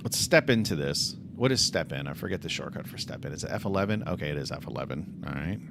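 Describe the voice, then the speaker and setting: Here a bass, gravelly voice moves fast with lively intonation against a noisy background. The man is coding on a livestream, working through bugs out loud, muttering and turning to address his chat directly in relaxed conversation.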